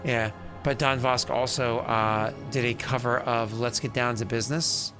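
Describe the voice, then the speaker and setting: A man with a voice gone hoarse from singing, chatting in a rambling, self-deprecating way as he hosts a tabletop game stream. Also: mid-range voice, fairly even intonation, unhurried, pushed and bright, faint music behind. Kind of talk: casual chat on a live stream.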